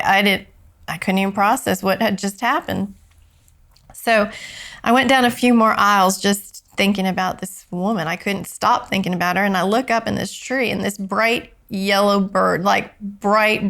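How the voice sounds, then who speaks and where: A woman, a grieving mother telling her story slowly and haltingly, often soft and near tears. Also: mid-range voice, gravelly. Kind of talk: emotional storytelling interview.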